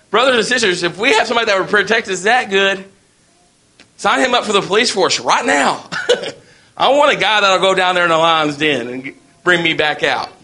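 Man, preacher, folksy storyteller, bright forceful tone, fairly high voice. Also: normal speed. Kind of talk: sermon.

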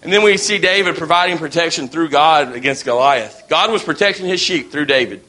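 A man's voice: a little high, a little fast, bright, forceful tone. A man preaching a sermon in a folksy, storytelling way.

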